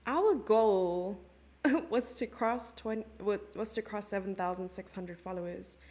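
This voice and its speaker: A young South African woman is live-commentating a chess stream, her medium-pitched voice unhurried with a darkish tone. She chats with viewers casually and gigglingly, reading their chat messages aloud.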